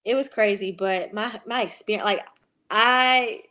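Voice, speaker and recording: A young woman guest on a podcast, chatting in a casual and excited way, with lots of likes and you-knows. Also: medium pitch, a little slow. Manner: chatty, excited storytelling with many fillers. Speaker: guest, former pro cheerleader.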